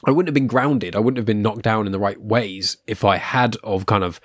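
Rambling young podcast host. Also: male voice, on the low side, brisk, dry recording, clean studio sound. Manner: rambling, self-deprecating, frequent fillers and restarts. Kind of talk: casual podcast interview.

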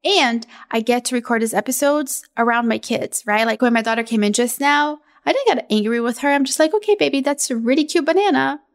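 A woman in her thirties hosting a casual solo podcast from home, talking in a gushing, upbeat sales pitch. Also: fairly quick, few pauses. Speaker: podcast host.

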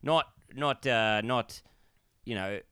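A man's voice: mid-range voice, takes it slowly, fairly bright tone, smooth, no echo, clean studio sound. A young Australian man co-hosting a podcast, laid-back and rambling as he tells stories. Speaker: podcast co-host. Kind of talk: casual podcast banter.

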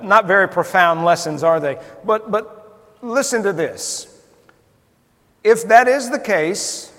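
In a large hall, a man with a fairly bright, somewhat high voice preaches a sermon conversationally, putting questions to his listeners.

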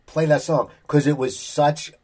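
A man's voice: on the high side, level tone, a little slow, darkish tone. A man hosting a podcast, talking eagerly in casual chat. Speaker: podcast host.

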